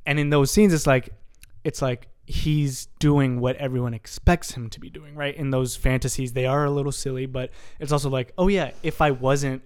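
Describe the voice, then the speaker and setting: A man's voice: mid-range voice, fairly even intonation, normal speed, a little mellow, smooth, dry recording, studio quality. A man co-hosting a casual film podcast, making wry, teasing remarks to his co-host.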